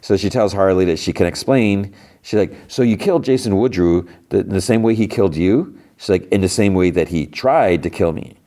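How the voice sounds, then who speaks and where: Male podcast host, deep voice, loose casual recap, lots of filler and restarts. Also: moderate pace, warm tone. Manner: rambling, full of "like" and "you know", frequent restarts.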